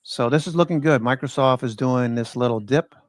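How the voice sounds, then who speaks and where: A man's voice: medium pitch, brisk, no echo. An older American man hosting a trading show, thinking aloud in loose live commentary on stock charts, with many fillers. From United States.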